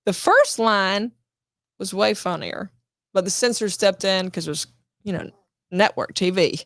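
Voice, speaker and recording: A woman's voice: mid-range voice, expressive, a little slow, a bit bright, dry recording, studio quality. A woman guest on a casual interview show, telling a story and acting out quotes, swearing freely. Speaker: guest actress.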